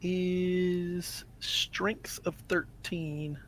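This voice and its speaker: A man playing a tabletop game who thinks out loud while working out his spells and moves. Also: high voice, flat delivery, extremely slow, a little hiss or hum. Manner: thinks aloud, counting out spell ranges. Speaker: player. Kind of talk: casual tabletop play.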